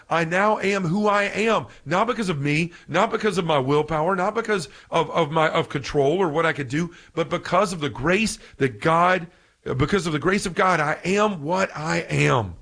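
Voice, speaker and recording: A man preaching earnestly on a podcast, getting excited and repeating himself. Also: a little high. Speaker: podcast speaker on faith. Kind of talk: preaching commentary.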